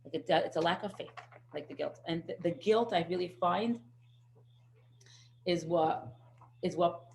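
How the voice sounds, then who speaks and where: A middle-aged woman teaching a parenting class, telling lively stories. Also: fairly low pitch, measured pace, gravelly, pauses often, a little hiss or hum. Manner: lively anecdotal storytelling. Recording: echoey room.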